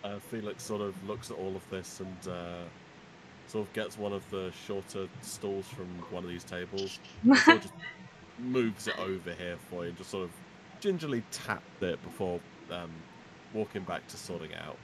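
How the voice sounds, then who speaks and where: A man's voice: sits low, normal speed, noisy background. A man running a tabletop game as game master, narrating and chatting in a hesitant, filler-heavy way.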